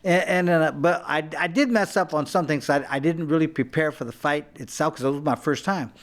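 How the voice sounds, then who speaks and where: A man's voice: a little high, brisk. A man, a former boxer, telling stories in a casual talk-show chat, with many restarts and acted-out quotes. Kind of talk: casual storytelling.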